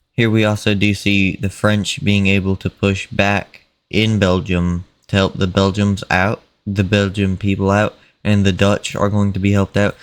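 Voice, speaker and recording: A man casually narrating an imagined war over a map, unhurried and plain, with fillers and mock quotes. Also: on the low side.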